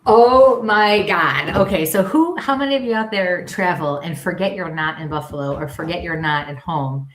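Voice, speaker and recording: Lively Western New York woman, echoey room. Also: low voice, brisk, few pauses. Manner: animated storyteller, laughs often, acts out voices. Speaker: co-host. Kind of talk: casual chat on a livestream.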